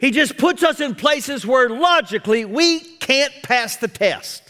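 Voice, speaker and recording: Male pastor preaching a sermon with wry humor, high lively voice, long hall reverb. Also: measured pace. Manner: animated, wry self-deprecating humor.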